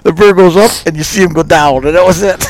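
A man's voice: high-pitched, fast talker, slight background noise. A man telling a hunting story as a podcast guest, acting out the dialogue and laughing often. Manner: lively, laughing storyteller who acts out both sides of dialogue. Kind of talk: animated storytelling.

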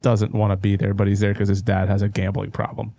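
A man on a casual podcast telling a caddying story, relaxed and swearing easily as he quotes himself. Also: lowish voice, fast talker, vocal fry, slight background noise.

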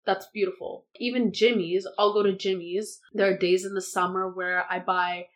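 A woman in her twenties, English not her first language, chatting as a podcast guest in a living room, animated and laughing often. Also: medium pitch, normal speed. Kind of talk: casual chat.

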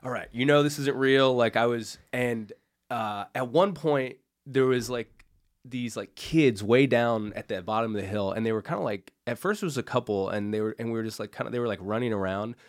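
A man tells a story as a podcast guest, rambling and cursing as he goes. His voice sits at a middle pitch. It is recorded dry, with no room sound around it. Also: brisk, no echo. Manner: rambling, full of "like" and swearing. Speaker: comedian guest.

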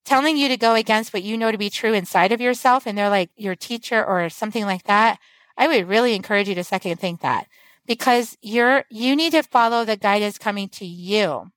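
A woman's voice: medium pitch, brisk, fairly bright tone, no echo, poor audio. A woman guest on a podcast, talking in an earnest, flowing, teacherly way about spiritual growth. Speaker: guest author and medicine woman. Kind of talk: casual podcast conversation.

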